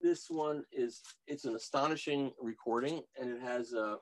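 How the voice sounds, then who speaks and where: A man's voice: medium pitch, moderate pace. A man being interviewed as a guest audio reviewer, telling rambling stories and often restarting his sentences. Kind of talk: casual interview.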